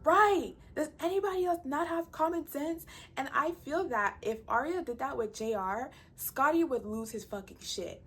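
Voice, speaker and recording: A woman's voice: on the high side, slight background noise. A woman giving a blunt, profane, exasperated recap of a reality show. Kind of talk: casual ranting recap.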